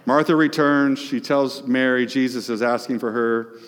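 A male pastor preaching a sermon, asking the congregation questions, emphatic and shifting between loud and hushed. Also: mid-range voice, fairly even intonation, normal speed, in a large hall.

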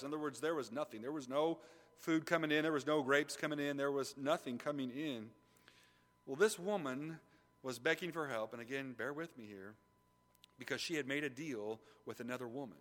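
Animated preacher in a ringing hall. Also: male voice, brisk. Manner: animated, shifting between loud emphasis and low hushed asides; asks the congregation questions. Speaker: pastor. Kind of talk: sermon. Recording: long reverb of a large hall.

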